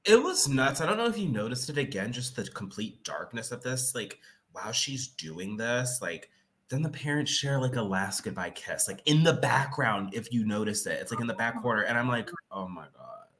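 A man's voice: medium pitch, normal speed. A man co-hosting a podcast, chatting casually about a movie with lots of "like" fillers. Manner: animated, many "like" fillers. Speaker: podcast co-host. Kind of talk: casual movie recap chat.

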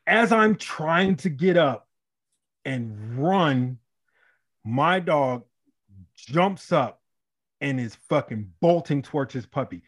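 A married man from Chicago telling a story in a casual podcast chat, animated and profane, acting out the people in it. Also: on the high side, slow, long pauses. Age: adult, married. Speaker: podcast co-host.

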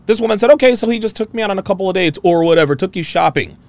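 A man's voice: sits high, rapid-fire, no room sound. A man hosting a reaction show, ranting in a profane, emphatic way and repeating his phrases. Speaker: host. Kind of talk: reaction commentary rant.

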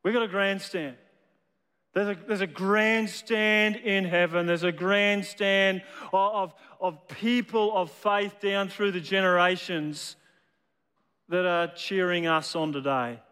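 A man's voice: sits high, steady tone, takes it slowly, sharp tone, smooth, in a large hall. A man preaching a sermon as a storyteller, often repeating his words as he builds a point. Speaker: pastor.

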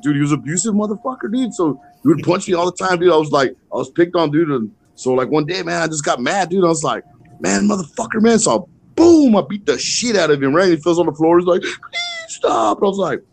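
A man's voice: fairly high pitch, fairly quick, vocal fry. A man on a podcast telling crude childhood stories in casual banter, laughing often. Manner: laughing, crude, animated storyteller. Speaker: podcast co-host.

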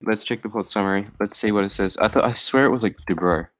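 A tired man rambles casually through a film recap, piling on fillers and laughing often. His voice sits low and sounds dry and close, with no room around it. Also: fast, a bit bright, no room sound. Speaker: podcast co-host. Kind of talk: casual chat about a film.

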